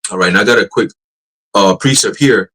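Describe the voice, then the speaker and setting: A man teaching casually on a church livestream, profane and animated, laughing and mocking as he talks. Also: on the low side, fairly quick, low-quality recording.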